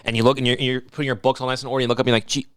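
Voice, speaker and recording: A man co-hosting a casual comedy podcast, swearing a lot and ranting loudly. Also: medium pitch, level tone, racing, clear, resonant tone, no room sound, clean studio sound. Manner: profane, ranting, mocks people in put-on voices. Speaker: podcast co-host.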